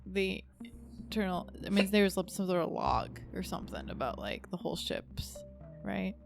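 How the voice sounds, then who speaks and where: A woman playing in a tabletop role-playing game, talking casually and quickly planning what her character does. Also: medium pitch, animated, vocal fry, faint music behind. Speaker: player. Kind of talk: tabletop role-play chat.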